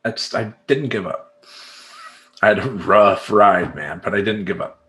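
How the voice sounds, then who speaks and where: A man's voice: fairly low pitch, measured pace, pushed and bright. A man talking as a life coach in a rambling, emphatic monologue, acting out his clients and making sound effects. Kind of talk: casual monologue to camera.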